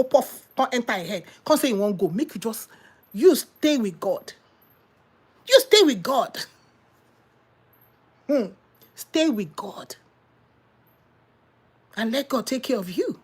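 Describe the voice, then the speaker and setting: A woman preacher delivers a passionate sermon in a high, bright voice. She preaches animatedly, firing rhetorical questions and exclaiming often. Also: slightly rough. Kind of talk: impassioned sermon.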